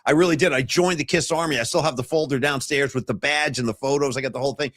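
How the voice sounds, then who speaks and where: A man in his fifties hosting a sports talk podcast, telling stories in a casual, animated way. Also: mid-range voice, fast talker, dry recording, studio quality. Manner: animated storyteller, mimics guests. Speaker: podcast host.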